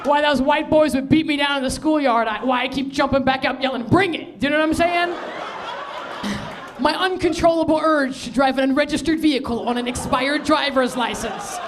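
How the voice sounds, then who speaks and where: A woman comedian telling a stand-up story, with laughing asides and shouted punchlines. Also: sits high, fairly even intonation, a little fast, over music.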